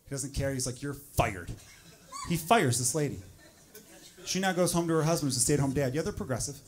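A male stand-up comedian with a fairly high voice tells stories bluntly and swears freely, climbing into loud rants. He speaks into a handheld mic on a club stage. The live recording carries clear background noise. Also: fast talker. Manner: straight-shooting, profane, building to loud ranting.

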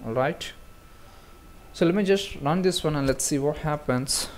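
A man explains programming steps in a relaxed, conversational way, filling pauses and restarting sentences as he works through the code on screen. His voice sits at an ordinary middle pitch, recorded close on a desktop mic. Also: a little hiss or hum. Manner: casual, talks through steps with many fillers and restarts. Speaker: programming tutor. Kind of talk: screen-recorded coding tutorial.

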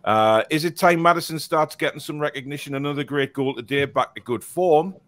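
A man's voice: fairly high pitch, a little fast, a bit bright. A man hosting a casual live fan show, chatty and laughing, reading out viewer comments with plenty of fillers and restarts. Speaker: fan podcast host.

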